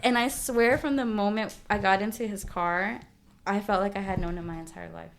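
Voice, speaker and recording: A young woman chats as a podcast guest, telling a long personal story with plenty of energy. She swears freely and puts on quick voices for the people she quotes. A faint noise sits under the recording. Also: mid-range voice, creaky. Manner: animated, swearing, acts out quotes. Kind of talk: casual storytelling chat.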